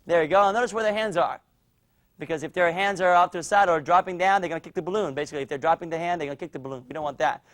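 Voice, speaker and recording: High-voiced energetic martial arts instructor man. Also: very fast. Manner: energetic, coaching and cheering children on. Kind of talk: instructional demo with kids.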